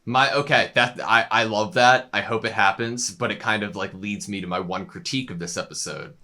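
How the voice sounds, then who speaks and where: A young man with a low, bright, forceful voice. He talks eagerly and easily in a casual discussion and is quick to agree with his co-host. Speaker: co-host of an anime reaction channel.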